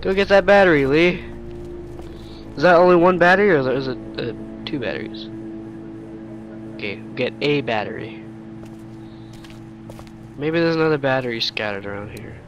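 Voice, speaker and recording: A man's voice: mid-range voice, lively intonation, normal speed, long pauses, muffled recording. Joking let's-play commentator, man. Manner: joking, chatty, thinks aloud, laughs at his own jokes. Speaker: gaming video host. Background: game music.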